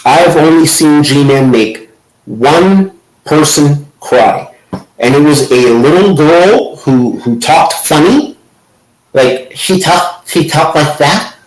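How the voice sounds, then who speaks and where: Slow sarcastic man in echoey room. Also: a little high, animated. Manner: mocking, sarcastic, keeps saying okay. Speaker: host. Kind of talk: commentary over clips.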